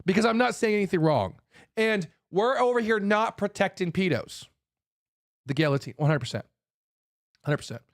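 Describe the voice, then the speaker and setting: A man with a fairly high voice rants in a heated monologue. He talks bluntly and profanely, hammers on repeated phrases, and stumbles into restarts as he gets more fired up. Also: expressive, moderate pace, long pauses. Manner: fired up, forceful. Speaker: host.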